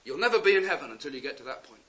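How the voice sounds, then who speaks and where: A man preaching a sermon, impassioned and pleading, swinging from loud urgent appeals to hushed words. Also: medium pitch, very animated, very fast. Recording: dull lo-fi sound.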